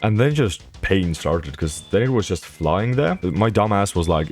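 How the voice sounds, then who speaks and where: A young man vlogging a casual recap, rambling and self-mocking with quick asides. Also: fairly low pitch, big pitch swings, darkish tone, faint music behind.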